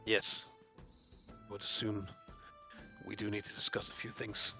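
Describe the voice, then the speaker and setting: A man voicing a grave, weary warrior of few words, speaking slowly and measured in a tabletop game. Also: fairly low pitch, level tone, creaky, sharp tone, faint music behind, heavily acted.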